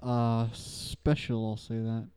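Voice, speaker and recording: A man's voice: medium pitch, monotone, slow, mellow, smooth. A man playing a tabletop role-play game with friends, joking and laughing. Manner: jokey, laughing. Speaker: player.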